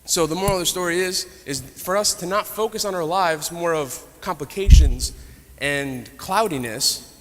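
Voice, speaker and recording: A man's voice: a little high, moderate pace. Man teaching Bible class in echoey hall. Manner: conversational, retells stories with asides.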